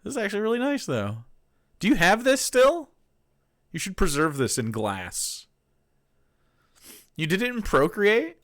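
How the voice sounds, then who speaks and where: A man's voice: sits high, wildly swooping pitch, a little slow, pauses often, a bit bright. A man casually reacting to videos on his stream, loose and profane in his remarks.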